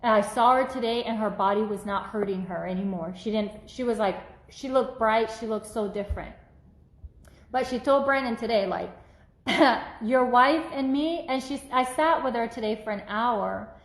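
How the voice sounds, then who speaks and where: A woman minister telling a personal testimony in an animated, casual way, acting out the voices she quotes. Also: a little high, moderate pace, echoey room, rough recording.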